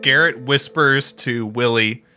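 A man's voice: mid-range voice, slow pace, faint music behind. A man playing in a tabletop game, joking, laughing and swearing freely. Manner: profane, laughing, animated. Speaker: player. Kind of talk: casual tabletop play.

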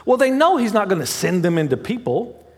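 Speaking fairly quickly in a fairly high voice, a male pastor gives a relaxed, conversational sermon, pausing to correct himself and toss in asides. His pitch swings up and down a lot, and a long reverb suggests a large hall.

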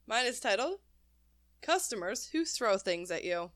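A woman co-hosting a casual chat show, talking in a blunt, animated way and laughing often, who also reads stories aloud. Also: a little high, moderate pace, no echo, clean studio sound. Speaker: podcast co-host.

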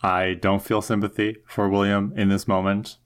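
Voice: low voice, level tone, normal speed. A podcast co-host giving earnest, opinionated commentary in casual chat, ranting with many restarts.

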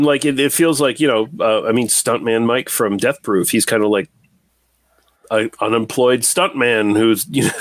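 A man's voice: mid-range voice, fairly bright tone, no echo. Rambling, swearing man on a dry mic. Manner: rambling, restarts often, swears casually. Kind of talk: casual movie chat.

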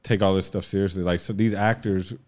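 A man's voice: deep voice, steady tone, fairly quick, darkish tone. An American man, an actor, chatting casually and rambling with slang and repeated words. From United States. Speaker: actor, guest. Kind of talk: casual podcast chat.

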